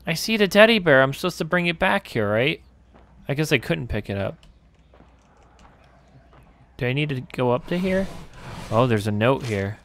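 Fairly high and sing-song, this man's voice moves at a moderate pace with long pauses and a slightly bright tone. He's a gaming channel host working through a horror game, talking to himself, cursing a lot and startling easily.

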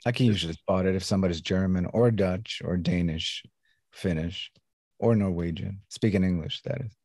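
A man in his fifties from Sweden with a light Swedish accent, talking in a relaxed, laid-back way as an interview guest. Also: deep voice, moderate pace, slightly rough, no echo. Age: 50s. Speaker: guest musician. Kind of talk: casual interview chat.

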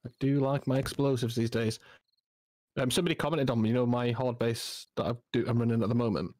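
A man's voice: medium pitch, fairly even intonation, fairly quick, darkish tone, no room sound. A man playing a co-op game, chatting casually and cracking dry teasing jokes. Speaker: co-op game partner. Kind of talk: casual gaming chat.

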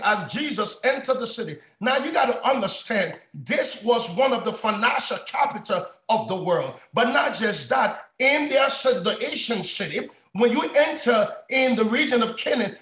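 A man preaching a sermon on a prayer line, shouting often and repeating his phrases. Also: extremely high pitch. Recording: echoey room sound.

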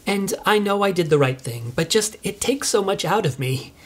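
Playing an entitled middle-aged suburban mother, a woman rambles through chatty, self-righteous complaints in a comic monologue of video messages. She sounds indignant, with a mid-range, animated voice that moves a little slowly and carries a breathy edge.

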